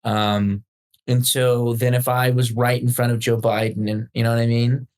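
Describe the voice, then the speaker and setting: A man's voice: medium pitch, flat delivery, normal speed, darkish tone. Man joking bluntly on a podcast. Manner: blunt, joking, swears freely. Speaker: podcast co-host. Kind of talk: casual chat.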